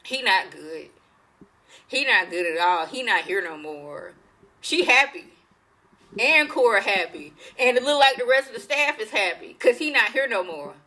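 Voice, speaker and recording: A woman giving a casual, slangy recap of a TV episode, telling the story with animated flair. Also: mid-range voice, normal speed, rough recording. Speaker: TV show reviewer.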